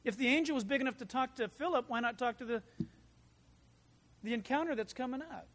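A pastor preaching a verse-by-verse Bible study sermon, with animated storytelling and humorous asides. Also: high voice, brisk, in a large hall. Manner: acts out quoted voices.

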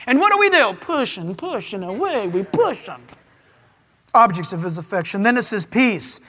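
A man preaching a sermon to a live audience in a large auditorium, animated, with playful asides. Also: very high voice, normal speed, in a large hall. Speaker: pastor.

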